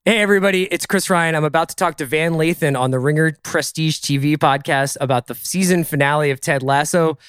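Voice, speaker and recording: A man's voice: fairly high pitch, brisk, few pauses, a bit bright, clean tone, no room sound, studio quality. A man hosting a podcast, talking casually and thinking aloud through a discussion of a TV episode. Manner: chatty, thinks aloud with restarts and asides. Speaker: podcast host. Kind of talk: casual pop-culture discussion.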